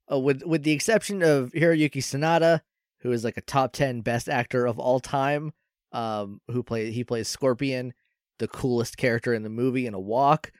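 A man's voice: fairly high pitch, no room sound. Chatty young man with a dry close sound. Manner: rambling, lots of fillers and laughs. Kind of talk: casual chat.

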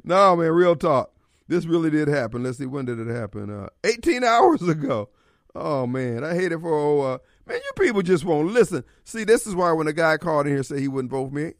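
A man's voice: high-pitched, a bit bright, no echo, clean studio sound. A man hosting a call-in radio talk show, joking loosely in street slang with frequent laughter.

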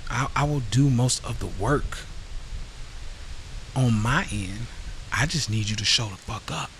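A man's voice: medium pitch, measured pace, a bit bright, a little hiss or hum, poor audio. A man hosting a podcast, ranting in a blunt, profane, heated way and answering live comments from his audience. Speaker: podcast host. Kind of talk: casual rant to a live audience.

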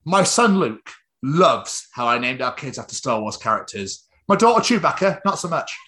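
A British man hosting a podcast, bantering casually, swearing freely and acting out little everyday scenes in quick put-on voices. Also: mid-range voice, very animated, sharp tone. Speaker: podcast host.

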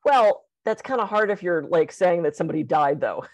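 A woman who runs communication workshops, chatting casually and telling jokes with animated voices. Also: fairly low pitch, a little fast, no room sound, rough recording. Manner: animated storyteller, jokey. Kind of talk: casual chat.

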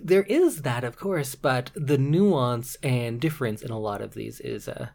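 A man's voice: medium pitch, unhurried, vocal fry, a little mellow. A man co-hosting a podcast in casual chat, with dry, self-described grumpy banter. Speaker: podcast co-host.

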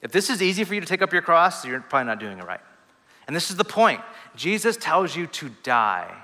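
A man's voice: a little high, pushed and bright. A man preaching a sermon as a pastor, telling stories in a conversational way with many restarts and fillers. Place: church hall. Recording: long reverb of a hall.

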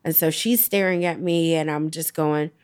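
Young woman, interview guest; low, smooth voice, halting and reflective delivery. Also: fairly even intonation, darkish tone. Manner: halting, reflective, many fillers. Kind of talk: personal storytelling interview.

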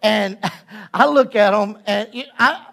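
A man's voice: sits high, takes it slowly, creaky, fairly bright tone. A male pastor delivering a conversational sermon, acting out little scenes and jokes to make his point. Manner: conversational preaching with playful acted-out asides.

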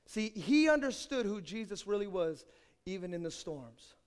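A male pastor preaching a sermon with dramatic storytelling, swinging between loud and soft. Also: high voice, sing-song, normal speed, clean tone. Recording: echoey hall.

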